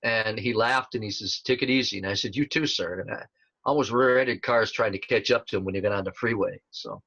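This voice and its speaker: Gravelly, pushed, and bright, his lowish voice comes fairly quickly. The man, in his sixties and a tribute performer, is a guest in a casual interview, rambling through stories with lots of fillers and restarts. It's a dry recording with dull lo-fi sound.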